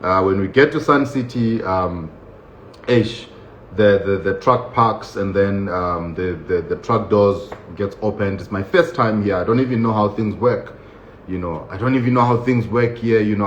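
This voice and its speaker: A man casually recounting a personal story in a lively, laughing way, acting out what others said, with many fillers. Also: on the low side, normal speed. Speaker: vlogger recounting his prison experience. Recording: dull, roomy recording with faint noise.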